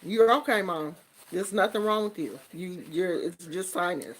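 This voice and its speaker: A grown son brushing off his mother, curt and impatient, as a woman puts him on in a dropped, flatter voice. He hurries to end the talk and clearly does not want to hear more. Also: on the low side, measured pace, voice pushed down, rough recording. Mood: dismissive.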